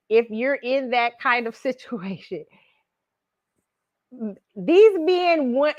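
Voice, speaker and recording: A woman's voice: on the high side, no room sound, highs cut off. A middle-aged woman hosting a pop culture commentary show, talking casually with features and laughing often as she tells stories. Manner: casual, animated storytelling with frequent laughs. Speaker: show host.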